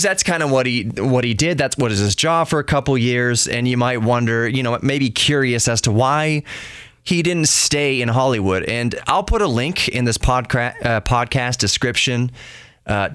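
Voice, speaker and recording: A man's voice: mid-range voice, a bit bright, clean tone, dry recording, clean studio sound. A man hosting a podcast, chatting casually and joking as he tells a story about his family. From Texas. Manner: chatty, self-interrupting, joking. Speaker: podcast host.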